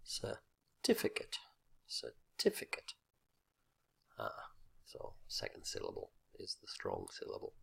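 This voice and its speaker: A man explaining a teaching point in an instructional video lesson, speaking deliberately with fillers and repeating example words with exaggerated stress. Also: extremely low pitch, big pitch swings, vocal fry, a bit bright, husky, in a whisper. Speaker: teacher trainer.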